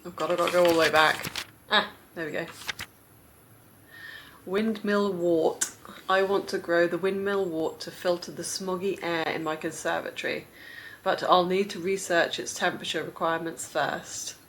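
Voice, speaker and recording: Young female gaming vlogger, lower-pitched, chatty, rambling commentary with giggles. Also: fairly even intonation, moderate pace, a bit bright, a little hiss or hum. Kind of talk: casual gameplay commentary.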